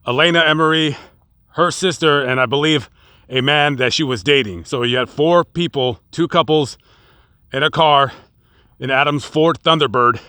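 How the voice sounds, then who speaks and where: A man recounts a true crime case in a casual vlog style, outdoors on location. His delivery is dramatic and builds excitement as he acts out the quotes. His voice is bright and forceful, and sits slightly high. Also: normal speed, smooth, no echo, studio quality.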